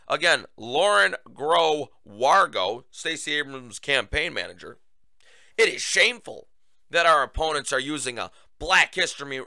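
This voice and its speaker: Male talk-show host, raised pitch, very bright and lively, sarcastic monologue, dry close mic. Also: dry recording. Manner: sarcastic, animated, addresses listeners as folks. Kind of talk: opinion monologue.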